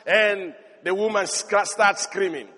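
High pitched preacher guy, animated, shouting praise, big echoey hall. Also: slow pace. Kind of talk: sermon. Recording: long reverb of a large hall.

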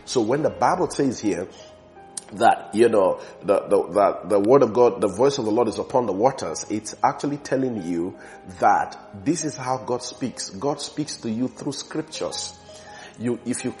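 A man preaches with fervent conviction, leaning into key words and drawing them out slowly for weight. His voice sits at an ordinary middle pitch. Soft music plays faintly underneath. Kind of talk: sermon.

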